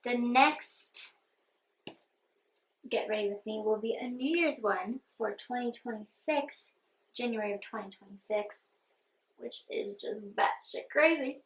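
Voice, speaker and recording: A young woman with a slightly higher voice chats through a casual get-ready-with-me vlog. She talks in an open, heartfelt way and sounds earnest and personal. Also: unhurried, poor audio. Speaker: vlogger.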